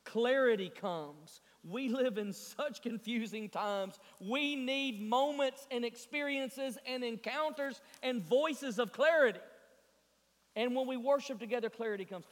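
A man preaching from the pulpit in a strikingly high voice, earnest and fervent as he exhorts the congregation. His words ring out with a long echo, as if in a large sanctuary. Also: moderate pace. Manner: earnest preaching, swings from hushed storytelling to fervent build-ups. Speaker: pastor. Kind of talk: sermon. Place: church sanctuary.

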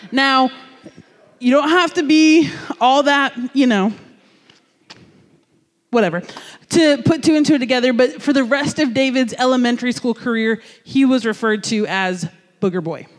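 A man from New Jersey giving a sermon as a youth pastor, telling a story in an animated, jokey, conversational way. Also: extremely high pitch, moderate pace, pauses often, in a large hall.

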